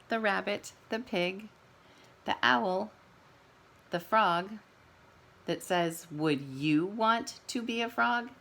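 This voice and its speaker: A kindergarten teacher reading a picture book aloud to young children in a slow, expressive storytelling voice. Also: female voice, fairly low pitch.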